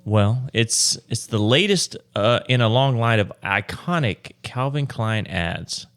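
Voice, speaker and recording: A man's voice: medium pitch, expressive, slow pace, fairly bright tone. A man co-hosting a podcast, telling stories with dry, wry humor in casual chat. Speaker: podcast co-host.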